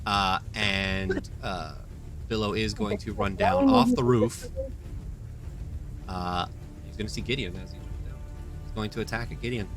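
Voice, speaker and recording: A man's voice: fairly low pitch, big pitch swings, unhurried, long pauses, music in the background. A man running a tabletop game as game master, narrating with a playful, joking manner.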